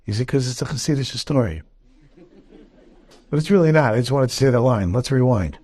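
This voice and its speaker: A man, a rabbi giving a Torah class, telling a story with lively jokes and acting out its characters. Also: medium pitch, fairly quick, breathy edge. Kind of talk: animated storytelling lecture.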